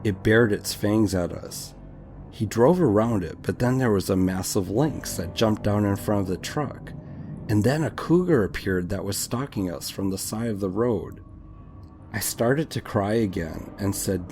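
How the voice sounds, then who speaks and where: A man's voice: lowish voice, unhurried, darkish tone, soft background music. A man reading a true scary story aloud in a dramatic, tense scripted narration.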